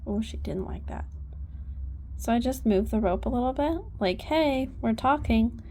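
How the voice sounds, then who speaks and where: A woman's voice: on the high side, normal speed, dark tone, a little hiss or hum. A woman horse trainer giving casual instruction, chatty and coaxing as she talks to her horse.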